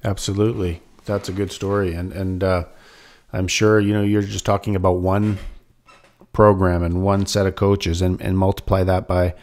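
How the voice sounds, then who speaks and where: Low-voiced male interview host. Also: flat delivery, moderate pace, a little mellow. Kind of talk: casual interview conversation.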